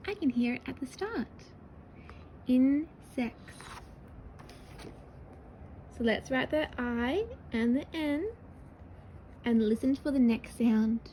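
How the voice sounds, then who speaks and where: Sounding out each word syllable by syllable, a woman teaches young children to write, slow, patient and encouraging, with an animated delivery. Her pitch is high, her tone mellow and soft. The rough recording has a faint hiss of background noise.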